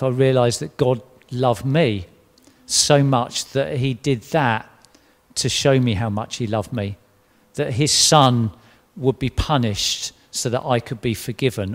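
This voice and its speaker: Earnest man in a reverberant hall. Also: medium pitch. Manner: earnest, emotional storytelling with many restarts. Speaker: church member giving testimony. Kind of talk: personal testimony interview.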